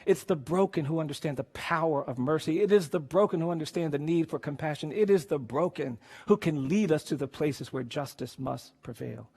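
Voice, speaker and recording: Male lawyer-speaker, fairly high voice with gravel, earnest and grave storytelling. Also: a little fast, hardly any pauses. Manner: earnest, grave, builds to quiet intensity. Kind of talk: emotional storytelling speech.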